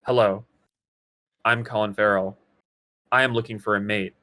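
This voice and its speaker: A man voicing a stiff, emotionless man looking for a mate, speaking in a flat monotone. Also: fairly low pitch, moderate pace, pitched below the performer's own voice. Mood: deadpan. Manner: stiff, monotone, deadpan delivery.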